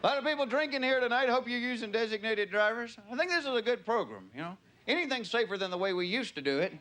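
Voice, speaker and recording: Bright and pushed, with a very high pitch, lively intonation, and a fast pace, a Southern US comedian drawls through stand-up stories on a club stage, dropping into character voices. Live audio captures the noisy, laughing crowd.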